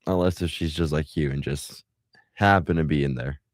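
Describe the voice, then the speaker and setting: A man's voice: very deep voice, normal speed, no echo, studio quality. A young man co-hosting a podcast, giving brief, laid-back replies. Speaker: podcast co-host. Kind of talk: casual chat.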